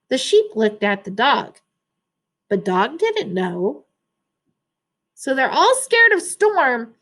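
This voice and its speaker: A woman reading a children's storybook aloud, pausing to explain words and ask the listeners questions. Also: high voice, fairly bright tone.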